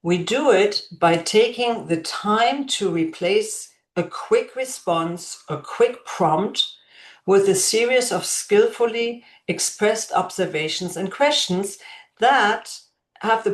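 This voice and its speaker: A woman educator giving an instructional talk to parents, speaking slowly and deliberately and gently modeling what to say to a child. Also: medium pitch, animated. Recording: echoey room.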